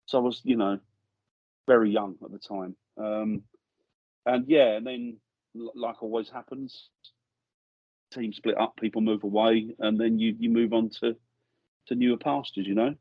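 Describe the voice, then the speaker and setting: A middle-aged man from England, lowish and a bit husky, rambles through ghost-hunting memories in a casual interview. He keeps restarting sentences. The sound is dry, with a slightly dull, lo-fi studio mic. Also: steady tone, normal speed, pauses often, no room sound. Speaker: guest ghost hunter. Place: podcast studio.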